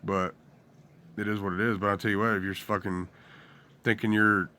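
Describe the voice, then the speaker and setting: A man's voice: fairly low pitch, level tone, moderate pace, pushed and bright. A young man ranting bluntly and profanely in a rambling casual monologue to his viewers. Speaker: vlogger.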